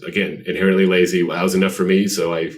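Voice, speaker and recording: A man with a very low voice tells rambling, self-deprecating stories as a podcast guest. He sounds set back from the microphone. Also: little pitch movement, fast. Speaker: guest artist. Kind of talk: casual podcast interview. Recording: voice distant from the mic.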